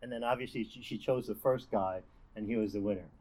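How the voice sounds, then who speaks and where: A young campus ministry speaker gives a casual devotional talk, chatty and conversational, with lots of fillers and restarts. He talks fast in a fairly low, slightly mellow voice, and the audio quality is poor.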